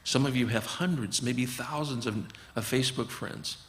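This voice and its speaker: A man's voice: mid-range voice, normal speed, fairly bright tone, long reverb tail, slight background noise. A man, a physician guest, talking earnestly and explaining his approach, often acting out conversations with patients. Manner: earnest, acts out dialogues with patients.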